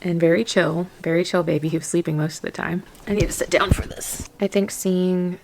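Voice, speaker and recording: A woman's voice: fairly low pitch, fairly even intonation, a little fast, darkish tone, a little hiss or hum. A young woman, casually chatting through a travel vlog and gushing over food and sights. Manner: enthusiastic, gushing. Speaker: vlogger.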